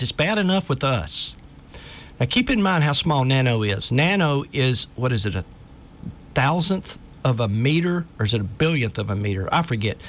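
A man's voice: medium pitch, fairly bright tone, slight background noise. Earnest man hosting talk radio. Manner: earnest, urgent, reads articles aloud. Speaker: radio show host.

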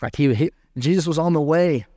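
A male pastor preaching a sermon in a conversational way, reading scripture aloud with pauses. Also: on the high side, mellow, no echo, clean studio sound.

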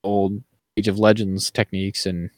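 A man's voice: on the low side, flat delivery, moderate pace, a little mellow, no room sound, clean studio sound. A man co-hosting a podcast in a casual chat, rambling with many fillers. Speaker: podcast co-host.

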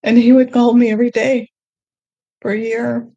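A woman telling her faith testimony in a podcast conversation, earnest and emotional, often halting and restarting. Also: on the high side, flat delivery, vocal fry, warm tone, dry recording, muffled recording. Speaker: guest sharing her testimony.

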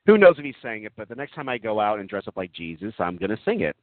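A man doing comedic, earnest role-play for an online group chat. He talks in a gentle, overly earnest way, full of giggles and ums. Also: fairly low pitch, very animated, quick pace, dry recording. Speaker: comic prankster addressing an online group chat. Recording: tinny phone-like sound, dry.

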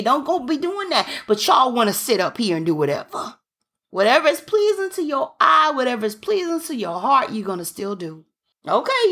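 A woman's voice: a little high, fairly bright tone. A woman preacher delivering a fervent sermon, reading scripture aloud and breaking in with exclamations.

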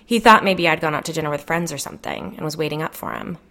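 Jen is a frazzled, gossipy suburban mom, put on by a female storyteller, her voice pitched up a little and pushed louder than the narration. She complains in an agitated rush, swears freely and leans on "like" for an audiobook-style story. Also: huge pitch swings, fast, creaky, full character voice. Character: stressed, gossipy suburban mother, adult woman.

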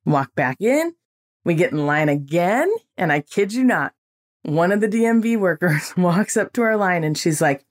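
A woman in her forties hosting a podcast, telling an everyday story in a lively way and acting out what people said. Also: fairly low pitch, normal speed. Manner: animated storytelling, acting out quotes. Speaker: podcast host.

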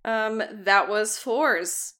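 Woman at a tabletop game, bright voice, calm and deliberate. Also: medium pitch, faint music behind. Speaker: player. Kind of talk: tabletop role-play banter.

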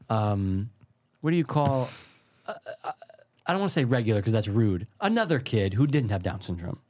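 A man's voice: fairly low pitch, sing-song, normal speed, darkish tone. A man co-hosting a podcast, telling a rambling comic story in casual chat and slipping into silly voices. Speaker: podcast co-host.

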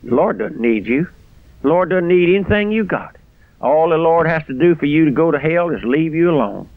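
An older man delivers a fiery radio sermon, his fairly high voice climbing to shouts on key phrases. The sound is dry and a little dull, like an old radio broadcast. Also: lively intonation, moderate pace, dry recording. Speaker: pastor.

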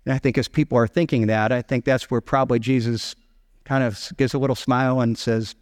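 A middle-aged man preaching a sermon as pastor, telling the story with animated storytelling and acting out the voices of the characters. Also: mid-range voice, a little fast, big-room sound. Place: church sanctuary.

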